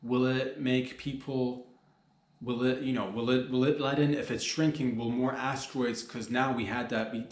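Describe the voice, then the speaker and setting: A man's voice: medium pitch, moderate pace. Rambling profane man in an echoey room. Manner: animated, mock-alarmed outbursts, profane slang. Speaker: comedy podcast host. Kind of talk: rambling comedic monologue.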